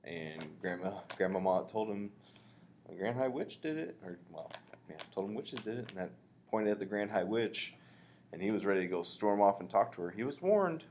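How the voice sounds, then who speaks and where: A man reading a children's book aloud, expressively, pausing to explain. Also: fairly low pitch, lively intonation, a little mellow, slight background noise. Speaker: reader.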